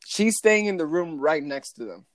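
A young adult telling a story from night shifts at a hotel front desk, animated and swearing, with many "like" fillers and some Spanish phrases. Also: mid-range voice, moderate pace, dry recording. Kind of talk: casual storytime vlog.

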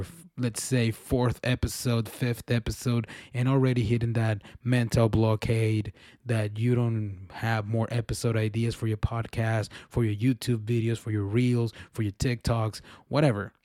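A man's voice: fairly low pitch, mellow, dry recording. Rambling male podcast host, dry sound. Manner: rambling, self-correcting, laughs at himself. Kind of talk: casual solo podcast chat.

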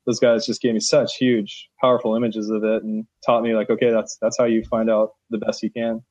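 A man's voice: lowish voice, level tone, fairly quick, a little mellow, no echo, highs cut off. A man who coaches setters for a national team, talking emphatically in a podcast interview with lots of filler words.

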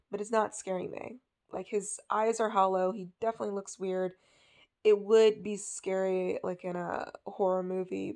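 A woman's voice: mid-range voice, vocal fry. A woman hosting a podcast, telling a story in a casual, chatty way with lots of fillers. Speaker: podcast host.

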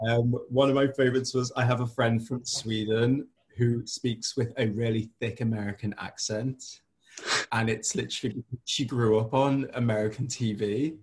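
A man's voice: mid-range voice, fairly even intonation, moderate pace. A man with a Scouse accent, chatting casually as a podcast host, laughing often and swearing freely. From Liverpool. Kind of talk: casual chat.

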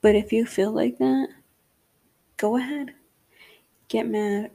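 Candid woman with a gravelly voice. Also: on the high side, steady tone, slow, dark tone. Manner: candid, rambling, many fillers like "like" and "right?". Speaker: podcast host. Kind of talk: casual solo podcast monologue.

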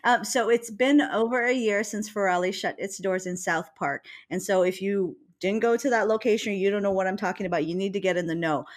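A woman's voice: medium pitch, brisk, few pauses. A woman from Hawaii co-hosting a local events chat, giggly and playful with puns. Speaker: co-host of a local events segment. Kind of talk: casual chat.

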